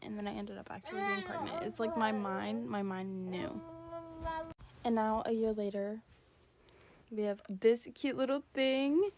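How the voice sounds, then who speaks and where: A woman of about twenty, a stay-at-home mom, telling a casual storytime in a giggly, chatty way full of fillers. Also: a little high.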